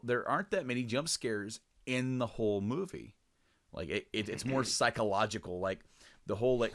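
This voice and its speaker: Fairly low in pitch and a little bright, this young male podcast co-host chats loosely, restarting often and leaning on fillers. He swears freely and jumps to a louder voice to perform quoted lines.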